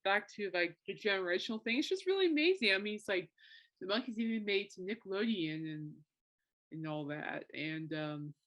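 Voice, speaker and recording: A woman's voice: fairly low pitch, steady tone, normal speed, fairly bright tone, highs cut off. Rambling woman in her thirties podcasting. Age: 30s. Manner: rambling and emotional, with many fillers and restarts. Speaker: podcast host. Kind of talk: casual solo podcast talk.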